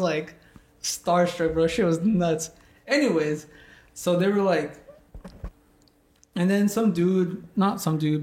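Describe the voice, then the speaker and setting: A young man with a slightly raised pitch tells a story in loose, casual chat. He rambles and leans on "like" filler after filler, and he swears freely as he vents. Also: darkish tone. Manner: rambling, heavy use of "like", swears a lot.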